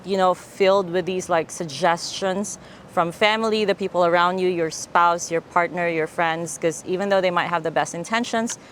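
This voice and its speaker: A woman's voice: on the low side, fairly even intonation, normal speed, slight background noise. A woman from the Philippines being interviewed, speaking thoughtfully and casually. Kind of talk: street interview advice.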